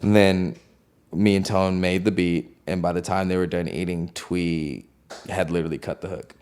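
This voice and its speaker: A man's voice: low-pitched, fairly even intonation, moderate pace, darkish tone, clean tone. A man, a music producer, telling a studio story in a loose, slangy way, heavy on "like". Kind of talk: casual storytelling.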